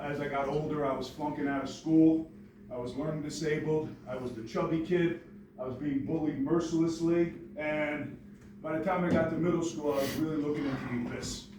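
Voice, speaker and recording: A man in his forties from New York, telling a personal story to an audience in a joking, lively way. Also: a little high, noisy background. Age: 40s. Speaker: motivational speaker. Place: large hall with audience. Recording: echoey hall from far off.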